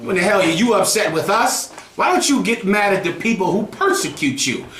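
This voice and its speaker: A man's voice: high-pitched, expressive, fairly quick, a bit bright, roomy sound. A man preaching to a group in a heated, mocking way, swearing freely. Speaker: group teacher. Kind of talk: street preaching.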